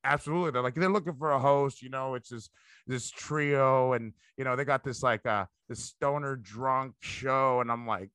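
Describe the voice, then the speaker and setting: Bright-voiced man telling crude stories. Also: medium pitch, normal speed, clear, resonant tone, no room sound. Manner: rambling, profane, animated storytelling. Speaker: stand-up comedian, podcast guest. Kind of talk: casual comedic chat.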